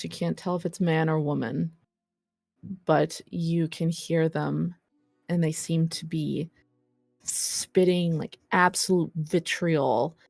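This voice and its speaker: Woman, game master narration, very low voice, slow delivery, dry sound. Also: vocal fry, a little mellow, no room sound. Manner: slow, deliberate, with fillers. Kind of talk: narrating a tabletop role-play.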